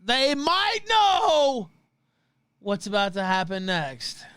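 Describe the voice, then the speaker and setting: A man's voice: very high voice, wildly swooping pitch, slow pace, a bit bright, clean tone, dry recording. A man hosting a livestream, delivering profane, mocking rant commentary. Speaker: livestream show host. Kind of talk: ranting commentary.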